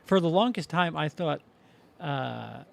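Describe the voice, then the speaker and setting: Male co-host, slightly high voice, rambling with restarts, casual and profane. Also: lively intonation, gravelly, a little hiss or hum. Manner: rambling, halting restarts, swearing. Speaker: podcast co-host. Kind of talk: casual chat.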